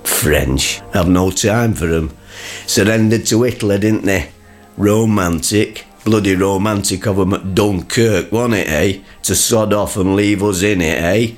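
A grumpy working-class father in a radio comedy, gruff, sarcastic and quick to scoff. His voice sits very low, with faint music behind. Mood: grumbling.

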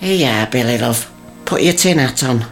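A prim, affectionate mother in a radio comedy, chiding and motherly. Her voice is low but lively in its rise and fall, with music clearly behind. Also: normal speed.

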